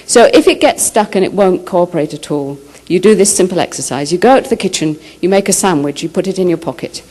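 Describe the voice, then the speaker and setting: Woman author chatting with students, tells stories lively, does the voices, kinda low pitched. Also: fast. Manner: lively storyteller who acts out quotes. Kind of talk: school talk answering questions. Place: high school.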